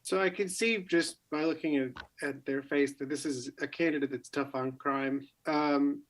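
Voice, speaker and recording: A man's voice: a little high, fairly even intonation, moderate pace. A man in a casual chat, blunt and jokey, swearing freely.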